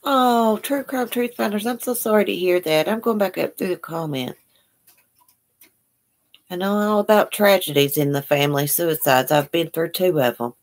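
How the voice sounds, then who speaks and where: A woman's voice: on the low side, moderate pace. A woman hosting a casual livestream, reading viewer comments aloud and answering with sympathy in a chatty, folksy way. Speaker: livestream host.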